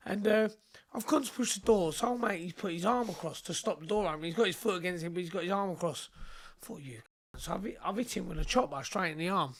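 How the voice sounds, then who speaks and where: A man's voice: high voice, fast talker. A man, a guest on an interview show, telling a story in a blunt, sweary, rambling way.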